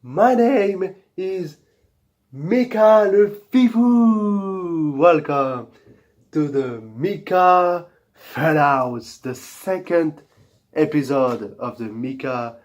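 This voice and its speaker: A man with a French accent, a native French speaker, hosting a wrestling review video with a slow, deliberate, mock-sweet delivery and comic outbursts. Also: medium pitch. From France. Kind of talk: playful parody talk-show intro.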